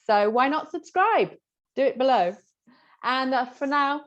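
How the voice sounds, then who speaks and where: A woman's voice: sits high, lively intonation, unhurried, muffled recording. A woman teacher giving exam tips in a chatty way, explaining through examples with frequent fillers. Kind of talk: exam tips lesson to camera.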